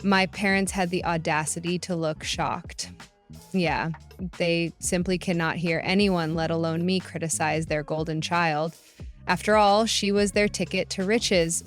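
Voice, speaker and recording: A young woman telling her own family story in the first person, in a sarcastic and indignant way. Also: on the low side. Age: young adult. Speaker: narrator.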